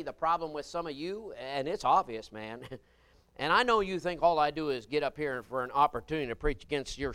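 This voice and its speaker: A man preaching a sermon, folksy and humorous, swinging between loud emphatic bursts and quiet asides. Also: mid-range voice, clean tone, no room sound.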